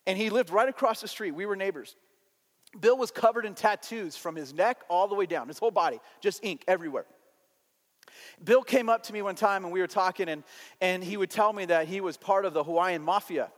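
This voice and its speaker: A man, a pastor, telling a personal story in a sermon, animated and shifting between lively and hushed delivery. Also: high-pitched, brisk. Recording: long hall reverb.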